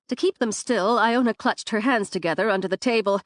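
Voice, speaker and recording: A woman with a mid-range voice narrates an audiobook in an even, measured storytelling style. It's scripted narration, recorded with clean studio sound and no echo.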